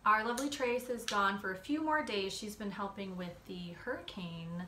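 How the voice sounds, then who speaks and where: A woman's voice: mid-range voice, moderate pace, recorded from a distance. A woman co-hosting a casual real estate podcast. She has a cold and talks in a chatty way, with fillers and frequent laughs. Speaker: podcast co-host. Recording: echoey room, off-mic, faint noise.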